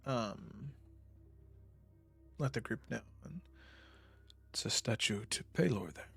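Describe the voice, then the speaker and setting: A man's voice: mid-range voice, animated, slow pace, gravelly, long pauses, breathy edge, faint music behind. A man playing a tabletop game, describing his character's moves hesitantly with many fillers. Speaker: player. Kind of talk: casual tabletop game chat.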